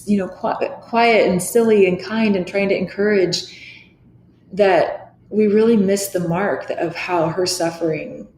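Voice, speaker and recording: A middle-aged woman guesting on a podcast speaks a little slowly in a mid-range, darkish voice. She's earnest and reflective in this candid interview, often restarting her sentences, and the echoey room carries faint noise.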